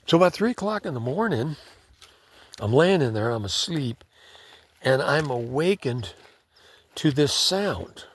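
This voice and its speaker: A man's voice: medium pitch, sing-song, measured pace, pauses often, husky. A man telling a story in a laid-back, conversational way, often saying "man". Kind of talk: casual spoken storytelling.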